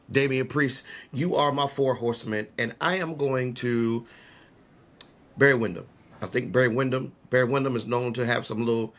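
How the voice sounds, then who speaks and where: A man in casual podcast chat, talking in an animated, rambling way with a mid-range voice. He laughs often and keeps the talk loose and conversational. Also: mid-range voice. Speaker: podcast co-host.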